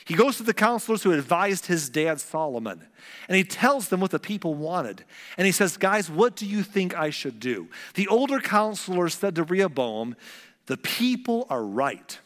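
A man's voice: sits high, moderate pace, big-room sound. A man preaching a sermon, retelling scripture in casual modern words and acting out the people in it. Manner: animated, acts out the characters in casual modern speech. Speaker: pastor.

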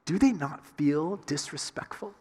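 A man's voice: a little high, lively intonation, unhurried, warm tone, husky, in a large hall. A man from the Southern United States with a Southern accent, preaching a sermon in a conversational way full of rhetorical questions. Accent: Southern American. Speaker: pastor.

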